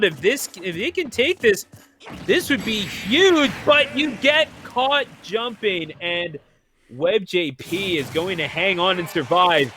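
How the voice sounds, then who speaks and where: A man commentating an online video game tournament play-by-play, excitable and joking, laughing often. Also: sits high. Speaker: esports commentator.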